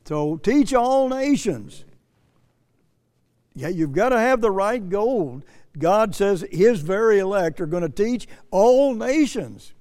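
A man's voice: high voice, expressive, unhurried, a little mellow, long reverb tail. A man preaching a sermon as pastor, earnest and plain-spoken, repeating himself and lifting his voice when he quotes scripture.

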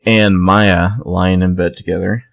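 A man's voice: deep voice, unhurried, creaky, dry recording. A man co-hosting a podcast, casually retelling scenes and acting out lines from the characters. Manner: relaxed storytelling, acts out quotes. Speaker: podcast co-host. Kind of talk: casual recap chat.

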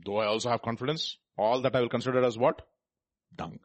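A man's voice: mid-range voice, fairly even intonation, fast, dry recording. A man preaching a sermon, reading scripture aloud and pressing the listeners with rhetorical questions. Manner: reads scripture aloud between comments.

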